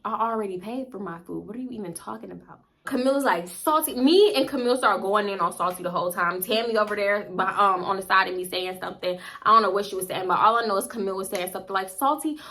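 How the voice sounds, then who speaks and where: A woman telling a storytime vlog, animated and profane, acting out every voice herself. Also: mid-range voice, fast, hardly any pauses. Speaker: storytime vlogger.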